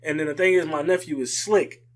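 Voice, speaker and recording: Man with a higher voice, laughing storyteller. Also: fairly quick. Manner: animated storyteller who laughs often, with frequent "like" fillers. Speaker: podcast co-host. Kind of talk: casual unedited conversation.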